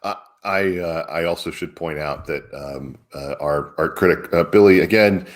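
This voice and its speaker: Man, very low voice, emphatic, incredulous, casual commentary. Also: moderate pace. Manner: emphatic, incredulous, chuckling asides. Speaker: publisher and co-host. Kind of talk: casual political chat.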